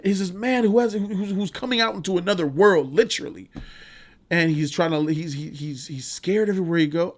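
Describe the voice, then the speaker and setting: A man's voice: high voice, a little fast. A man hosting a casual movie review vlog, rambling, profane and enthusiastic.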